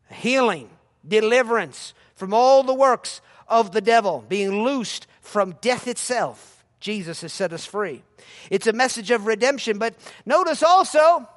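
A man preaching a sermon with emphasis, shouting some scripture lines and dropping to quiet, mocking asides. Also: very high-pitched, in a large hall.

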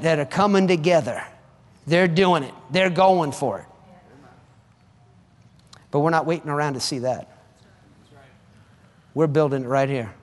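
A man preaching a sermon, urging his listeners fervently and often repeating his words. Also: a little high. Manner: fervent, repetitive exhortation. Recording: long hall reverb.

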